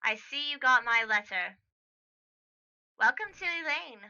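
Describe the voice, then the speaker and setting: A woman voicing a powerful, aloof, dark-haired older goth woman in a tabletop game, dry and dismissive, heard on a dull lo-fi recording. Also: high-pitched, expressive, unhurried, full character voice. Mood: cool.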